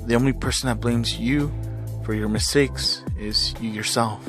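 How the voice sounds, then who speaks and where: A man reading fan fiction aloud, voicing an ancient heroine woman who is a calm, patient, gently teasing mentor. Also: medium pitch, normal speed, music in the background, close to an everyday voice.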